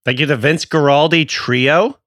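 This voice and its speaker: A man's voice: a little high, moderate pace, fairly bright tone, no room sound, clean studio sound. A man in his thirties co-hosting a football podcast, telling stories with enthusiasm and casual swearing. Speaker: fantasy football podcast co-host. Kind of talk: casual chat.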